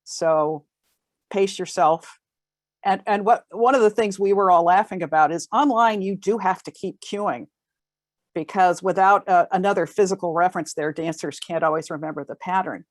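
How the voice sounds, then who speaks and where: A woman's voice: lowish voice, normal speed, dry recording. Enthusiastic woman caller, dry close sound. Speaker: dance caller. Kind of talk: casual panel talk. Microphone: video call.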